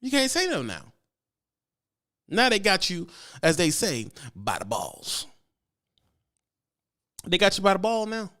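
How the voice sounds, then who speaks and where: Animated slangy man on a live stream. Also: high-pitched, measured pace, pauses often. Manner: animated, slangy, teasing, reads chat aloud. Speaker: trucker streamer. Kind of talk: casual live-stream chat.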